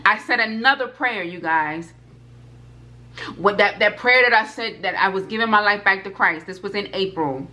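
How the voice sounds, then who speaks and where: A woman's voice: mid-range voice, moderate pace, pushed and bright. A woman in her twenties tells her personal testimony straight to her viewers, fervent and emphatic, and repeats her points. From United States. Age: 20s. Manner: addresses viewers directly. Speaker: food vlogger.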